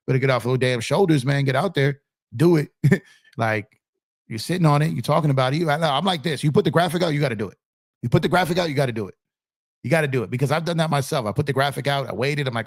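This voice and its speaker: A man's voice: mid-range voice, fast talker, gravelly, dry recording, clean studio sound. A man hosting a casual live-stream sports chat, recovering from a cold, laid-back and repeating himself as he reads out chat.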